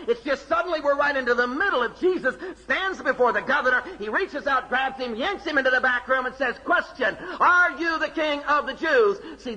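A man preaching a sermon, emphatic, with rhetorical questions and dramatic pauses. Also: very high-pitched, pushed and bright. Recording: long hall reverb.

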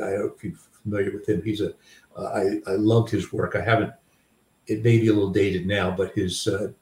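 A man's voice: low-pitched, darkish tone. An older man, a guest author, telling personal stories in a reflective conversational way with many fillers. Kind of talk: conversational storytelling. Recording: roomy sound, distant mic.

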